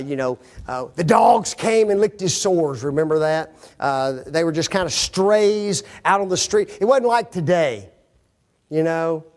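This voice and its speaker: A man's voice: fairly high pitch, darkish tone. A man teaching a Bible class lesson, quizzing his audience with fill-in-the-blank questions and folksy, joking asides.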